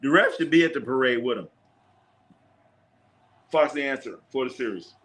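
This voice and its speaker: Male streamer, casual live game calls and banter with chat, relaxed and repetitive, mid-range voice. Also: mid-range voice, moderate pace. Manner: loose, joking, repeats himself, talks to chat. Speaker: sports watch-party streamer.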